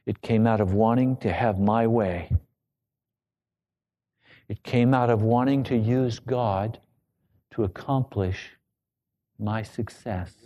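A man preaching a sermon, telling a personal story with emotion that rises to loud pleading. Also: medium pitch, lo-fi sound. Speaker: pastor.

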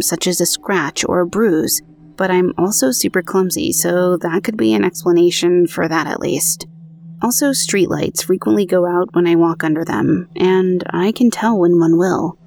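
A woman's voice: on the low side, vocal fry, warm tone. A woman podcast host reading listener ghost stories aloud from her recording booth, adding conversational, self-deprecating comments of her own.

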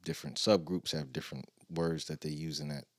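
A man co-hosting a casual podcast chat, relaxed, reading out definitions between jokes. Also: a bass voice, brisk, no echo, studio quality. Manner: reads definitions aloud, laid-back. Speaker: podcast co-host.

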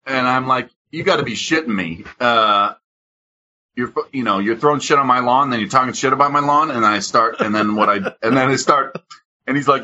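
Animated profane male storyteller. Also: mid-range voice, moderate pace, lo-fi sound. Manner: animated, acts out both sides with raised voice.

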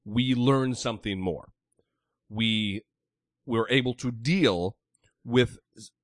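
A man's voice: mid-range voice, fairly bright tone, dry recording, studio quality. A man co-hosting a casual podcast, blunt and opinionated, swearing freely and firing off heated rhetorical questions. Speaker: podcast co-host.

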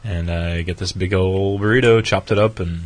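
A laid-back man co-hosts a podcast, joking along in casual chat. His voice sits low and sounds husky. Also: fairly even intonation, moderate pace. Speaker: podcast co-host.

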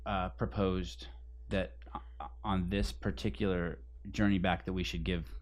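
A man with a low voice hosts a casual podcast chat. He rambles through stories, swears freely and circles back on himself. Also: flat delivery, unhurried. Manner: profane, rambling storyteller. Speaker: podcast host.

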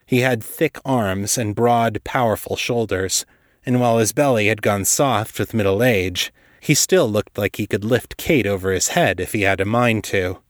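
A man narrates a story in a steady, measured manner. His voice sits low and the recording is dry and close, with no room sound. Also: no room sound. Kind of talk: scripted narration.

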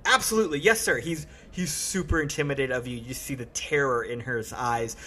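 A man acting as game master, handing out quick, encouraging rulings. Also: medium pitch, bright, forceful tone. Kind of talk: running a tabletop game.

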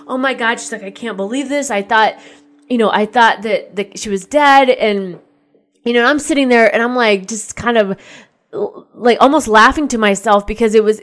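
A woman hosting her own podcast, telling a story in a chatty, candid way and swearing freely when she recalls being annoyed. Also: fairly high pitch. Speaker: podcast host. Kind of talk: casual solo podcast storytelling. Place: lives in Nashville.

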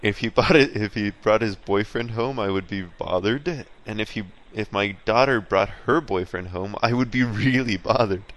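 A man's voice: lowish voice, moderate pace, hardly any pauses, fairly bright tone. A man co-hosting a casual comedic podcast chat, blunt and laid-back, laughing often. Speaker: podcast co-host.

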